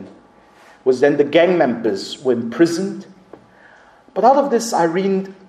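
A man's voice: a little high, a little mellow. A male preacher telling a dramatic story in a sermon, with emphatic delivery. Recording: echoey room.

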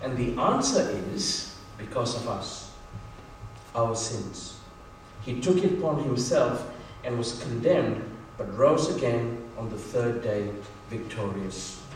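Male pastor, earnest sermon delivery, mid-pitched voice, distant mic in a very echoey church with faint ambience. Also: lively intonation, takes it slowly, a little hiss or hum. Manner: earnest, exhorting, storytelling.

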